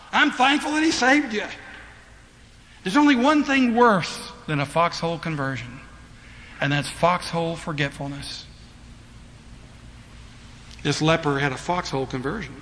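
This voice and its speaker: Man, preaching, animated, slightly high pitch, long hall reverb, faint background noise. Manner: animated preaching, acting out voices of the congregation. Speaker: pastor. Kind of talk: sermon.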